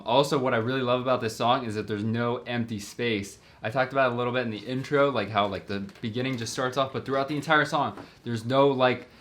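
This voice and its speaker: A man's voice: medium pitch, a bit bright. A young man giving casual reaction commentary as a filmmaker, rambling enthusiastically with lots of fillers, his voice a bit worn from talking. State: slightly worn voice from long talking. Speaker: filmmaker reacting to music videos.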